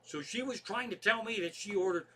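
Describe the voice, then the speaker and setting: A man's voice: sits high, a little fast, bright, forceful tone, a little hiss or hum. A man hosting his own comedy show, rambling through stories in a casual monologue and swearing constantly.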